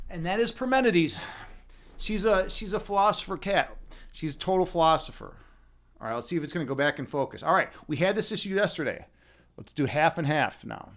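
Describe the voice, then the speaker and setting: A man's voice: on the high side, expressive, brisk. A man hosting a casual livestream, rambling and chatting with viewers and swearing now and then. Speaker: livestream host.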